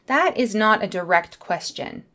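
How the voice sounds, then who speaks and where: A woman teaching a beginner English lesson, speaking in a clear, careful way. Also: medium pitch, lively intonation, unhurried, pushed and bright.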